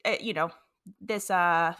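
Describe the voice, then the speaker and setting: A woman's voice: fairly low pitch, steady tone, measured pace, fairly bright tone. A woman co-hosting a podcast in casual chat, giving short agreeing replies and talking with some hesitation. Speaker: podcast co-host.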